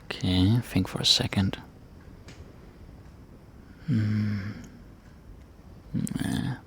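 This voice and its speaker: A man teaching a casual grammar lesson, relaxed and checking in with "right?" and "eh?" as he explains. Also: on the low side, very slow, slight background noise. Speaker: language teacher.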